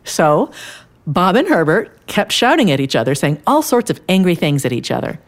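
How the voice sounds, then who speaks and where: A low, gentle grandmother storyteller. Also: big pitch swings, moderate pace. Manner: gentle, warm-toned storytelling. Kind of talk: scripted children's audio drama.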